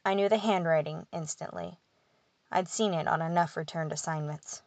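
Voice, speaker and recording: A woman reading a first-person fantasy audiobook in a measured, steady way. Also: fairly low pitch, dry recording. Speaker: audiobook narrator.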